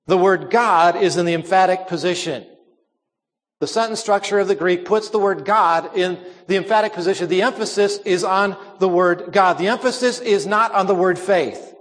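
A man's voice: high-pitched, in a large hall. A man preaching a sermon, earnest and emphatic, repeating his key phrases.

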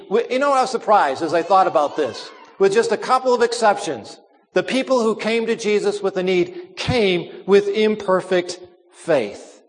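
A man's voice: high voice, big-room sound. A man preaching a sermon, earnest and emphatic, repeating his key phrases.

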